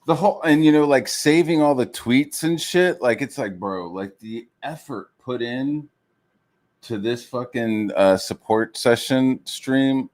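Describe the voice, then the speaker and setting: A man's voice: medium pitch, a little slow, darkish tone. A man ranting heatedly as a streamer, swearing constantly, with lots of fillers, mocking other people in raised voices. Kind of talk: profane rant.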